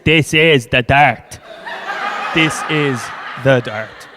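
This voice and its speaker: A man voicing a bored Dublin train driver making a loud flat announcement, with a Dublin accent. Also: mid-range voice, extremely slow, background noise. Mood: bored announcing. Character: mumbling grumpy Dublin train driver, male. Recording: hall reverb from a club stage.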